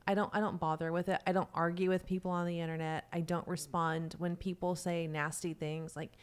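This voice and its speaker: Woman, podcast guest, comedian, chatty and candid, lowish voice. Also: flat delivery, fairly quick, clear, resonant tone. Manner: chatty, candid, self-deprecating. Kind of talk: casual chat. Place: podcast studio.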